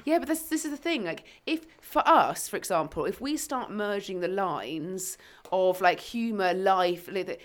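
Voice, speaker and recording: A woman co-hosting a fitness podcast, chatting casually in a sweary, sarcastic and animated way. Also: mid-range voice, moderate pace. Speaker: podcast co-host, fitness coach. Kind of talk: casual chat.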